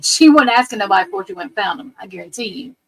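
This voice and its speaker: A woman's voice: medium pitch, expressive, racing, a bit bright, rough recording. A woman hosting a livestream, ranting bluntly and with profanity about a court case. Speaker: livestream host. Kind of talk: casual livestream commentary.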